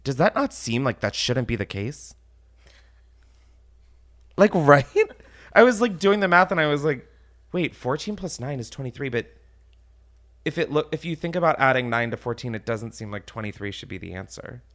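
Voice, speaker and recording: A young man hosting a podcast in casual chat, rambling, excitable and swearing often. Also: medium pitch, moderate pace, pauses often. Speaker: podcast host.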